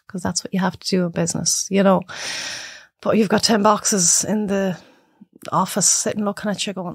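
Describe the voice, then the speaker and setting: Irish woman, 30s, lively storyteller who mimics others, dry close mic. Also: moderate pace, husky, no room sound. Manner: animated storyteller acting out clients in high voices. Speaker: podcast guest. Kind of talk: casual chat.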